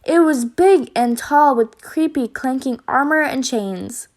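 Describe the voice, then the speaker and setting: A woman reading aloud, voicing a male mouse cook who tells his story loudly and eagerly. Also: high voice, lively intonation, unhurried.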